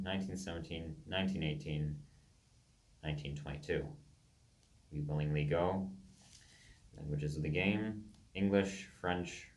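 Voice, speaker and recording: A man's voice: sits low, roomy sound. A young man in his late teens reads his own game stories aloud, stumbling over foreign place names and correcting himself as he goes. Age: young adult. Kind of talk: casual reading of his own writing.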